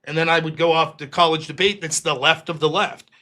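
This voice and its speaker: A man's voice: a little high, a little fast. A man in his thirties hosting a live stream, telling a long personal story with lots of swearing and acted-out quotes. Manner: profane, animated storyteller acting out quoted voices. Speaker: host.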